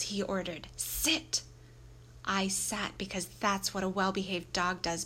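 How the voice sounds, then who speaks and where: A woman narrating a children's book aloud in a lively, expressive storytelling manner. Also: mid-range voice, a little hiss or hum. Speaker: audiobook reader.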